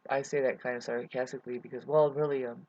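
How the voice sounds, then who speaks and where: A man's voice: medium pitch, flat delivery, fast talker, a little mellow, dry recording. A man rambling through a hesitant personal update to his viewers, full of fillers and restarts. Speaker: vlogger. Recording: dull lo-fi recording.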